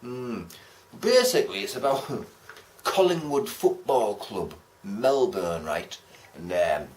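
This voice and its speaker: A man's voice: on the low side, big pitch swings, slow pace, darkish tone. A man giving a casual, rambling film review, chatty and swearing casually as he talks. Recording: roomy echo.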